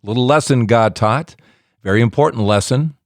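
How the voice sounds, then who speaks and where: A man's voice: mid-range voice, moderate pace, dry recording, studio quality. A man hosting a faith podcast, retelling a guest's story with folksy asides. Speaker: podcast host.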